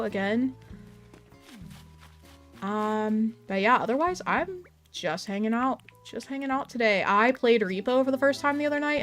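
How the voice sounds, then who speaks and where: A young adult woman chatting casually on a live game stream, bubbly and talkative as she greets viewers by name. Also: medium pitch. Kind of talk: casual live-stream chat while gaming.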